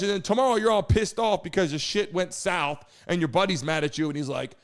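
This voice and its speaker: A man hosting a live stream, hyping the chat, shouting out viewers and talking loosely with some swearing. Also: high-pitched, expressive, fairly quick, hardly any pauses. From United States.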